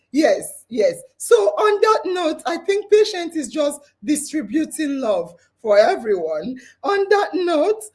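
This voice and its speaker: A woman hosting a live online hangout, excited and tearful, laughing as she reads out listener comments. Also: high voice. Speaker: podcast host.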